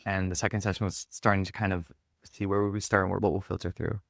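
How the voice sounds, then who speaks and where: Low gravelly man, candid storytelling. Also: little pitch movement, fast talker, dry recording, studio quality. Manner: reflective, heavy use of filler words. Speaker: podcast guest, performance coach.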